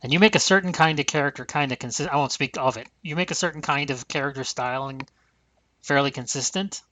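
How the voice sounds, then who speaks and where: A man hosting a gaming podcast, rambling through blunt, profane opinions. His voice is bright and forward, and the recording is dry and close. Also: a little high, quick pace, no room sound. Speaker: podcast host. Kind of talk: casual podcast chat.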